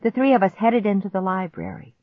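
A woman's voice: mid-range voice, huge pitch swings, a little fast, dry recording. A woman narrating a spooky first-person story in a tense, suspenseful way. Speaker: audiobook narrator. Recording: dry, dull lo-fi recording.

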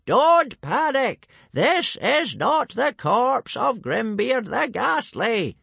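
A man doing a calm, slow old elder. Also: very high voice, creaky, slightly rough, dry recording, voice pushed up, heavily acted. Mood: yelling. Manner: slow and deliberate, muttering. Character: calm wise old male elder, dry wit.

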